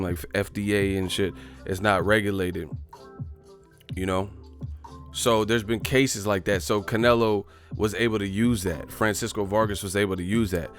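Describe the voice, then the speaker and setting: Low-voiced man ranting profanely. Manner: profane, rambling, exasperated. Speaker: boxing channel host. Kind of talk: casual ranting vlog.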